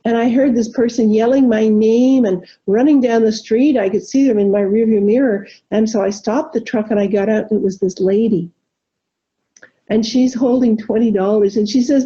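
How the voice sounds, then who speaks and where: A woman minister giving a gentle, reflective sermon, telling a story and leading soft spoken affirmations. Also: on the high side, fairly even intonation, normal speed. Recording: dull lo-fi recording.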